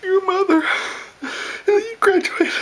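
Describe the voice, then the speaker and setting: A woman's voice: drawn-out words, full character voice. A woman doing overblown comic fake sobbing. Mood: wailing. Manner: high, wailing, breaking into sobs and laughs.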